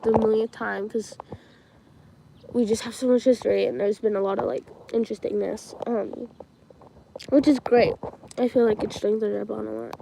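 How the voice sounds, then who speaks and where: A teenage girl with a slightly high, creaky voice chats casually on a livestream, telling stories and giggling often. Her speech is full of fillers like "like" and "um", and the background is noisy.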